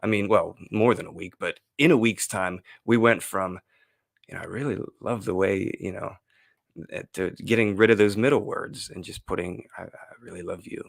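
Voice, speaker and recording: A man's voice: sits low, moderate pace, gravelly, no room sound. A man hosting a casual solo live stream, rambling and gushing with lots of fillers and restarts.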